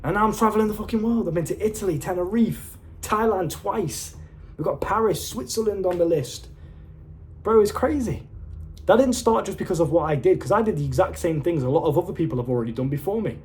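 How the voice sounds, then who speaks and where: Young man, self-improvement coach, casual motivational monologue, blunt and excitable, swears often. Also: sits high, fairly quick, a little hiss or hum. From United Kingdom.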